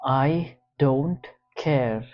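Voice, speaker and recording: A man reading an audiobook, voicing a volatile, abusive grown man who snarls and shouts profanities. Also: medium pitch, very slow, highs cut off. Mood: furious.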